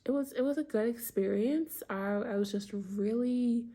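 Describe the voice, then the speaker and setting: Gravelly-voiced woman chatting a storytime. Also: fairly high pitch, moderate pace, warm tone. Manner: chatty, many fillers, embarrassed retelling. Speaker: vlogger. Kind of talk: casual storytime vlog.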